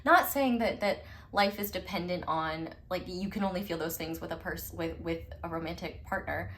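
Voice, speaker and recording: Her pitch is fairly low and a bit bright, delivered at normal speed. She's a tarot reader doing a casual pick-a-card session, chatty and emphatic, leaning on "like," swearing casually, and laughing often between points.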